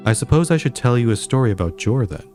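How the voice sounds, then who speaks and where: A man voicing a wary psychic male snail, slow and storytelling in manner, reading game dialogue aloud. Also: medium pitch, lively intonation, warm tone, faint music behind, close to an everyday voice.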